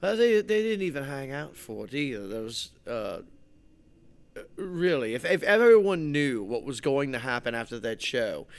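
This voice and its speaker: Man, co-host, casual chat, dry delivery, halting, mock-formal wording. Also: mid-range voice, sing-song, clear, resonant tone. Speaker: podcast co-host.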